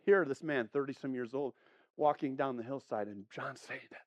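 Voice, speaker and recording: A man preaching a sermon, animated, swinging between hushed tones and loud exclamations as he acts out scripture. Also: medium pitch, moderate pace, dry recording, dull audio.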